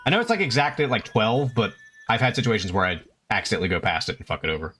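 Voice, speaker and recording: A man's voice: lowish voice, big pitch swings, racing, pushed and bright. Swearing man streaming a game. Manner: chatty, swears freely, talks to chat and the game. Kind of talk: casual gameplay commentary. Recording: faint game music behind.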